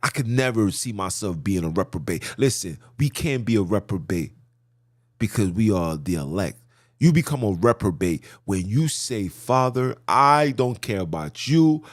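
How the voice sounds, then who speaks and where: A man's voice: low-pitched, expressive, normal speed, darkish tone, no echo, studio quality. A man hosting a podcast, giving impassioned religious talk with street slang. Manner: passionate, preachy, street slang. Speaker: podcast host.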